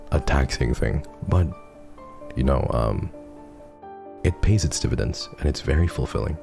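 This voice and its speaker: Very deep, gravelly man streaming. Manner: soft-spoken, earnest, often lapses into whispers; laughs often, gets teary while reading. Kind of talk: casual chat reading donations.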